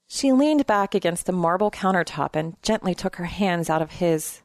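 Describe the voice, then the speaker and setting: A woman narrating a novel in a steady, measured storytelling manner. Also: on the low side, no room sound, studio quality. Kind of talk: audiobook narration.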